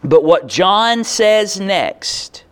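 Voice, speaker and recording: A man's voice: sits high, animated, very slow, fairly bright tone, clear, resonant tone. A male pastor preaching a sermon in a conversational way, walking through a Bible passage and checking in with the congregation.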